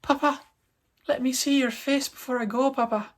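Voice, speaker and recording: A man voicing a tiny, clingy male alien baby in a put-on Irish accent, pleading in a high voice. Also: fairly even intonation, moderate pace.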